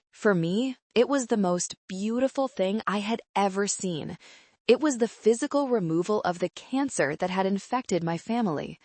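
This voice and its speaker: A woman narrating a first-person revenge story in a calm, steady way. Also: on the low side, no echo.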